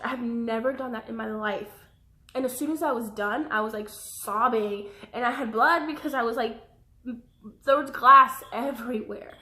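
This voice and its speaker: Young woman, personal vlog confession, rambling and apologetic, bright higher voice, roomy echo. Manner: rambling, jumps between thoughts, apologetic asides. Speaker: vlogger.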